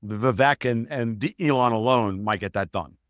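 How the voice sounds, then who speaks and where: A man talking as a guest analyst in a podcast interview, emphatic and profane, piling up quick digressions and restarts. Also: mid-range voice, fairly bright tone, no room sound, clean studio sound.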